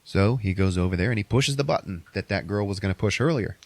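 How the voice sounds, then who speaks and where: A man talks through a movie plot on a podcast, casual and full of swearing. His voice sits low. The sound is dry and close, with no room around it. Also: fast, dry recording. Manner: profane, animated retelling with put-on quotes. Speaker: podcast host.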